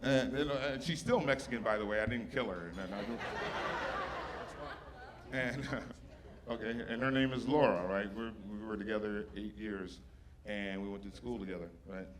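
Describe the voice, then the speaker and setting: A man's voice: fairly low pitch, moderate pace, noisy background. A man doing a stand-up set, teasing the audience with brash, profane crowd work. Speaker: stand-up comedian. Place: stage before a live audience. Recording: live show with loud audience laughter.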